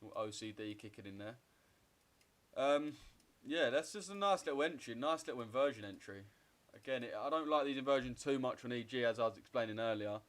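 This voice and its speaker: A young man in his twenties speaks with an average-pitched voice. He rambles in loose, swear-heavy banter as he trades live and answers his viewers' chat. The delivery is offhand and conversational. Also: a little fast, fairly bright tone. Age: 20s. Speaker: trading streamer. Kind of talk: casual livestream chat while trading.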